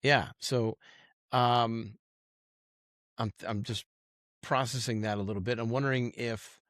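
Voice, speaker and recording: A podcast host asking long, searching questions and reacting to the guest. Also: male voice, medium pitch, steady tone, a little slow, fairly bright tone, no echo, clean studio sound. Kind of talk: interview questions.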